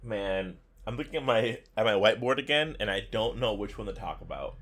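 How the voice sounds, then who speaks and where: A man's voice: lowish voice, lively intonation, brisk, a bit bright, a little hiss or hum. A man co-hosting a casual gaming podcast, joking and laughing often as he talks. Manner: playful, laughs often, jokey asides. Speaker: podcast co-host.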